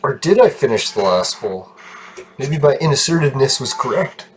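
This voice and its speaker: A man's voice: mid-range voice, expressive, normal speed, noisy background. A man casually commenting on his own gameplay, rambling, laughing often and swearing. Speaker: gaming video host.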